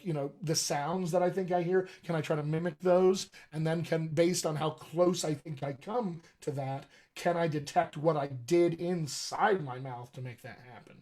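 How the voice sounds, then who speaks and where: A man teaching a live online lesson on accents as a dialect coach, explaining step by step and checking in with "all right?". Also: on the high side. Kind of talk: live-streamed acting lesson.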